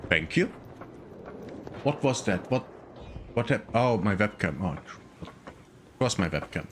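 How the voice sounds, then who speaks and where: A man's voice: fairly low pitch, very animated, measured pace, slight background noise. A man streaming a video game in casual chat, muttering to himself and swearing a lot. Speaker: gaming streamer.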